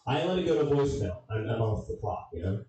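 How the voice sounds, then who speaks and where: A young man doing a stand-up comedy set, telling a story with swearing and loud funny voices. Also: medium pitch, very animated, fast. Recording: echoey room, distant mic.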